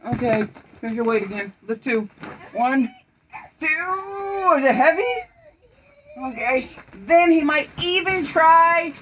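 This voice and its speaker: A woman reads a picture book aloud at home with a bright, high voice. She is playful and coaxing, and breaks off the reading to give quick directions in a game of pretend. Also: animated, slight background noise, poor audio. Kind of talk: home storytime read-aloud with pretend play.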